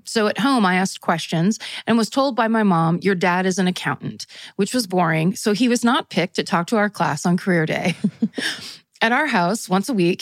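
A woman co-hosting a podcast reads listener letters aloud in an easy, chatty way, breaking into laughter and playful asides. Her voice sits at an ordinary pitch for a woman. The sound is dry and close, with no room around it. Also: no room sound. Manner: laughs often while reading, playful asides. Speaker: podcast co-host. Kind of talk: casual chat, reading listener letters aloud.

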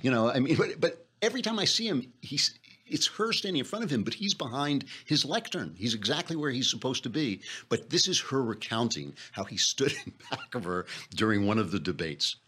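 Husky sarcastic male podcast host. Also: medium pitch, expressive, brisk, sharp tone. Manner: sarcastic, chatty, laughs often. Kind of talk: political commentary podcast.

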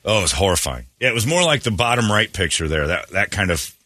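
A man's voice: low-pitched, sing-song, quick pace, sharp tone, no echo, clean studio sound. A man hosting a morning radio show, telling rambling, joking stories in casual banter.

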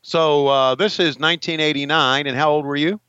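A man's voice: fairly high pitch, steady tone, normal speed, sharp tone, clean tone, no echo, muffled recording. A man in his sixties co-hosting a podcast, chatting casually and laughing over old wrestling footage. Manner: laughing, easygoing, folksy. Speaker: podcast co-host.

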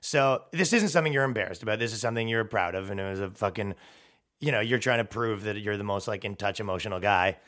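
A man hosting a podcast delivers a comedic monologue, a sarcastic, profane, rambling rant. He talks fast in a fairly low, fairly bright voice.

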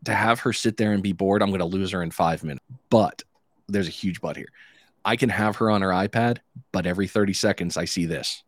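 A man's voice: deep voice, fairly quick, no echo. A man appearing as a guest on a casual podcast, talking in an easygoing, candid way.

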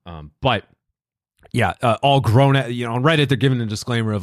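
A man co-hosting a podcast in casual chat, telling stories with lively acted-out quotes. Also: on the low side, fast talker, no echo, clean studio sound. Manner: animated storyteller, acts out quotes loudly. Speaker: podcast co-host.

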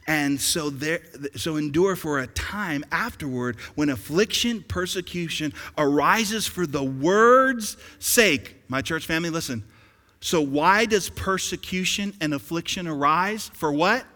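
Bright-voiced preacher in a reverberant hall. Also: male voice, a little high, lively intonation, a little slow. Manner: preaching with rising emphasis and questions to the congregation. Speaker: pastor. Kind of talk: sermon. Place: church sanctuary. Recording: long reverb of a large hall.

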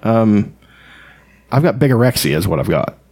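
A man's voice: on the low side, normal speed. Blunt, profane man. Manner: blunt, profane, animated storytelling. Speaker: podcast co-host. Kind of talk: casual chat.

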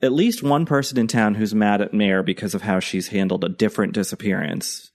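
Gravelly low-voiced man co-hosting a podcast. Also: fairly quick. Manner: hesitant, full of ums and self-corrections. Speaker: podcast co-host. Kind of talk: casual chat.

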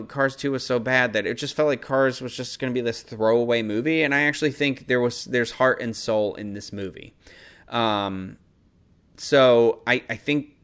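A male podcast host talks through a film review on his own, in a casual, loose way. He wanders off topic and jokes at his own expense. His voice sits at an ordinary middle pitch. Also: a bit bright, clean tone. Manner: rambling, self-deprecating, loses his train of thought. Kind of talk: casual solo review monologue.

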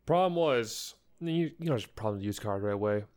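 A man's voice: on the low side, lively intonation, fairly quick, a little mellow, clean tone. A young man rants on a casual podcast, telling a long story in an exasperated way. He co-hosts the show and chats loosely with his friend. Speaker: podcast co-host.

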